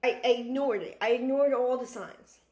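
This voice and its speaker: A woman's voice: fairly high pitch, normal speed, warm tone, roomy sound. A young woman vlogger talking earnestly and emotionally about her own struggles, with many restarts and fillers. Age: young adult. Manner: emotional, earnest, repeats herself, frequent "like" and restarts. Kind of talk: personal confessional talk to camera.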